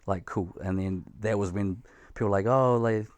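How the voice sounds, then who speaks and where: A man's voice: deep voice, a little fast, no echo. A young man, co-hosting a casual podcast, telling stories frankly and with plenty of swearing. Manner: frank, sweary, animated storytelling with acted-out quotes. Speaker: podcast co-host.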